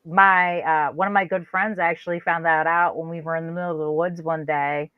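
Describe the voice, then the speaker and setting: A woman co-hosting a casual chat, telling a story with lively, animated delivery and jumping into high-pitched quoted voices. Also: fairly quick, clear, resonant tone, no room sound, phone-quality sound. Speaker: co-host.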